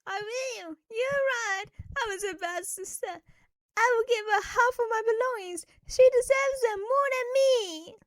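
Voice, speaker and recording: A woman voicing a spoiled teenage sister in an animated story, sobbing and pleading. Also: very high voice, measured pace, dry recording, voice pushed up. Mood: tearful. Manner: sobbing, begging.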